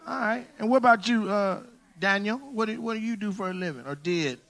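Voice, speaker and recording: A male comedian doing crowd work on a club stage, teasing the audience and shouting out punchlines. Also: high-pitched, animated, fairly quick, creaky, a little hiss or hum. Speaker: stand-up comedian.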